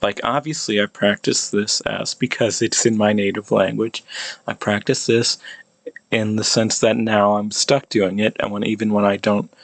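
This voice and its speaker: Low-voiced American man, slow and hesitant, drilling vowel sounds over and over; dry, close recording. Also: little pitch movement, gravelly, dry recording. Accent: American English. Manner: hesitant, many restarts, repeats sounds over and over. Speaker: language hobbyist teaching pronunciation. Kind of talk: casual pronunciation practice video.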